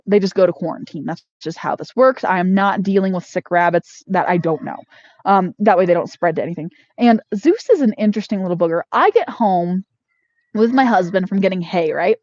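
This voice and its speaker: A woman's voice: medium pitch, a little mellow, no echo. Chatty woman homesteader, dull lo-fi sound. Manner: chatty storyteller with many fillers. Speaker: homesteader vlogger. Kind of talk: casual vlog chat. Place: inside a barn.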